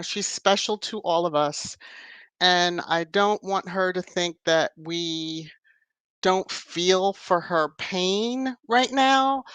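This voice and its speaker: Woman host, casual playful livestream chatter, slow unhurried delivery, dry close mic. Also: medium pitch, a bit bright, clean tone, dry recording. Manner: playful, chatty, laughs often. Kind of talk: casual live-chat talk.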